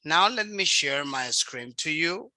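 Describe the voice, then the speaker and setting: A woman teaches a young learner over a video call, speaking slowly and patiently so every word lands clearly. Her voice sits low and comes through bright. The sound is dry, with almost no room echo. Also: lively intonation. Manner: slow, patient, models pronunciation. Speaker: English teacher. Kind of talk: online class with a child.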